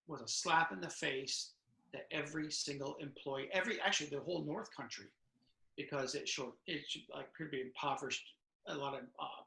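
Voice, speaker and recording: Middle-aged male ex-officer, raspy and bright, chatty storyteller, echoey video-call sound. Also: on the high side. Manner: storytelling, acts out dialogue, many restarts. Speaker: author and retired correctional officer. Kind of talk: conversational interview answers. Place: home room over video call.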